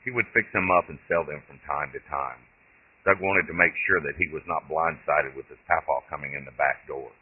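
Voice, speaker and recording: Very deep husky man reading a story. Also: brisk. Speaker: author reading his own story. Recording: tinny lo-fi phone-like audio.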